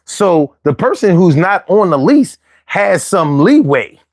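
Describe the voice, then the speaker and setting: A man's voice: sits high, sing-song, slow, dry recording, clean studio sound. A man with a Philadelphia accent hosting his own show, giving casual, slangy advice with jokey asides. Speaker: host.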